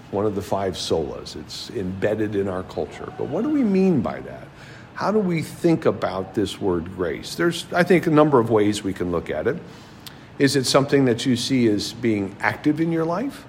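A man's voice: lowish voice, a little mellow, slight background noise. A man preaching a sermon, teaching a class and asking his listeners many rhetorical questions.

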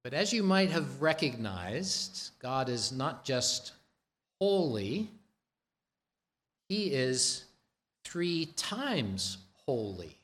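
A man preaching a sermon, slow and deliberate, stressing repeated words for emphasis. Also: medium pitch, big pitch swings, fairly bright tone. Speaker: pastor.

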